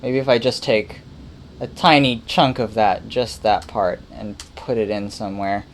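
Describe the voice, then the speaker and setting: A man's voice: lowish voice, steady tone, a little slow, noisy background. A man casually thinking aloud while making music on a livestream, muttering, playful and rambling.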